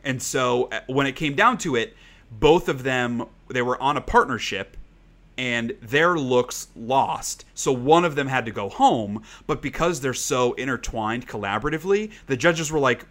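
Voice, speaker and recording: A podcast co-host chats casually in a mid-range, slightly bright voice with lively intonation and a moderate pace. He rambles, swears freely, and says "like" a lot.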